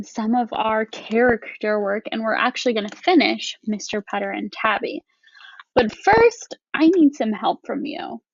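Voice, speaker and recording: Woman teacher talking to little kids about reading, kinda high voice, dull muffled recording. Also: no room sound. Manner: slow, clearly explaining teacher talk. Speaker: first grade teacher. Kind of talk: recorded reading lesson for young children.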